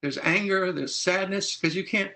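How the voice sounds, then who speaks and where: A middle-aged man leads an animated talk on consumer rights and plays out phone calls line by line. His voice sits a little high and rings bright and forceful. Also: moderate pace. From Texas. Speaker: consumer advocate columnist. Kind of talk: presentation.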